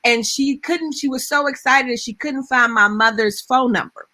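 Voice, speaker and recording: Bright-voiced woman telling a story. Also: high-pitched, moderate pace. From Pittsburgh, Pennsylvania, US. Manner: animated, emphatic storyteller with frequent ums. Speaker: panelist and preacher. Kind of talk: personal storytelling in a panel discussion.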